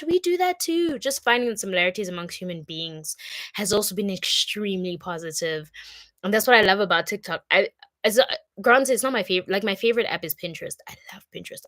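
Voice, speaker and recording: A young woman from Congo talks in an upbeat, chatty way on her livestream, sprinkling in lots of fillers. Her voice sits at an ordinary middle pitch and sounds close and dry, with no room around it. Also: a bit bright, dry recording. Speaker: content creator. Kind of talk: casual livestream chat.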